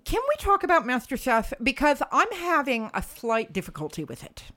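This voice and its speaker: A woman's voice: high-pitched, very animated, moderate pace, pushed and bright. A woman co-hosting a podcast in casual chat, chatty and self-mocking. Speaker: podcast co-host.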